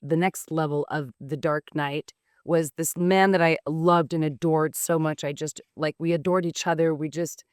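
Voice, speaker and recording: A woman's voice: sits low, fairly even intonation, normal speed, a little mellow, clear, resonant tone, no echo, clean studio sound. A woman hosting a podcast, telling a candid personal story in a frank, emotional way, swearing freely and acting out her past thoughts. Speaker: podcast host.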